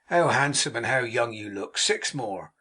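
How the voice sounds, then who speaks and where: Brief: a man playing a jolly, husky-voiced young manservant, broad country speech, storybook. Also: mid-range voice, expressive, a little slow, bright, forceful tone. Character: cheerful, hearty young manservant back from abroad.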